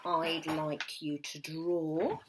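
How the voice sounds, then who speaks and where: A woman's voice: low voice, flat delivery, noisy background. A woman teaching a recorded music lesson to young children, patient and encouraging, sometimes dropping to a whisper. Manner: slow, patient and encouraging, drops to a whisper at times. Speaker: primary school music teacher.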